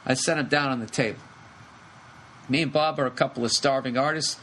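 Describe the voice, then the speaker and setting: A middle-aged man hosting a podcast, telling a rambling comic story with lots of swearing in quick animated bursts. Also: medium pitch, rough recording. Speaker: podcast host. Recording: faint background noise.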